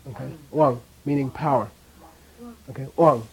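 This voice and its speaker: A man teaching a language class, drilling pronunciation by repeating sounds and checking in with the students, his voice often dropping quiet at the ends of phrases. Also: medium pitch, moderate pace, low-quality recording.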